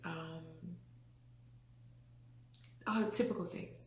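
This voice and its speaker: A woman's voice: fairly low pitch, slow pace. A woman from the Caribbean telling her own story frankly and expressively, laughing often and acting out what people said. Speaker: vlogger. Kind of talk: candid personal storytelling. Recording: echoey room.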